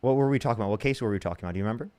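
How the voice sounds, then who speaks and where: Fast-talking, impatient stream host. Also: male voice, mid-range voice, darkish tone. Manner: blunt, impatient, swears when annoyed. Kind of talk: heated debate.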